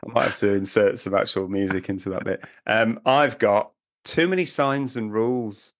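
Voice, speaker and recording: This is a British man co-hosting a relaxed camping podcast. His voice sits slightly low, and he rambles along in a chatty, jokey way. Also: normal speed. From Britain. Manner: chatty, joking, puts on silly accents. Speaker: podcast co-host. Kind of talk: casual chat.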